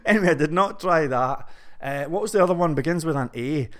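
A man's voice: on the high side, animated, brisk, a bit bright. A man vlogging casually to his viewers, rambling and chatty, a little out of breath from pacing around a room. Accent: non-American English. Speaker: web development vlogger. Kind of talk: casual to-camera vlog. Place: indoor room.

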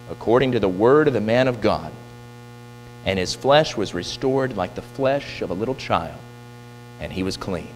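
A man preaching a sermon, retelling a Bible story with lively storytelling and acted-out quotes. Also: fairly low pitch. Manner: animated storytelling, voicing quoted figures. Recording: distant reverberant hall with faint hum.

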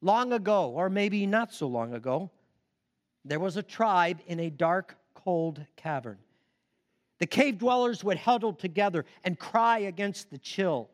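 A male preacher giving a sermon and telling a story with expressive emphasis. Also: sits high, measured pace.

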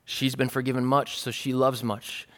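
A man doing a hushed, grave male teacher. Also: mid-range voice, flat delivery, pitched below the performer's own voice, close to an everyday voice. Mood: gently rebuking. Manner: hushed, measured, gentle reproach. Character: calm, grave male teacher rebuking his host. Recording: long reverb of a large hall.

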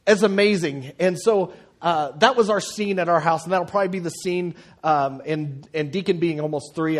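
A man in his thirties preaching a sermon as pastor, chatty and humorous, with many fillers and restarts. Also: high voice. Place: church auditorium.

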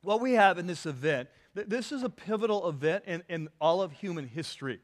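Earnest male preacher, slightly high voice. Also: animated, brisk. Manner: earnest, repeats words, asks the congregation to fill in words. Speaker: pastor. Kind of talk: sermon.

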